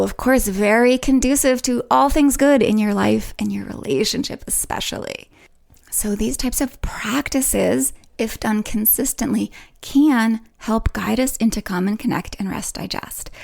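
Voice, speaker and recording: Solo podcast host, female, playful and sing-song, with a fairly high voice. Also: gravelly, darkish tone. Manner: melodic, playful, swoops up in pitch to demonstrate.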